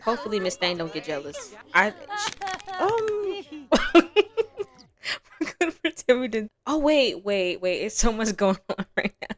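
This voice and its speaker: A young woman giving casual, playful commentary on her own game, chatty and quick to laugh. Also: medium pitch. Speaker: gaming vlogger.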